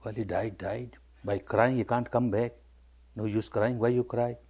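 A man voicing a calm, patient old teacher who answers plainly. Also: medium pitch, measured pace, slightly rough. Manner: calm, patient, matter-of-fact.

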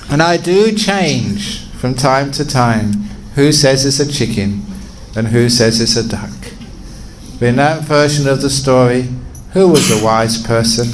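Middle-aged man, teacher giving a talk, expressive storyteller, faint room noise. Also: medium pitch. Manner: warm-humoured, expressive storyteller. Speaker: meditation teacher giving regular talks. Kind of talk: storytelling talk to a live audience.

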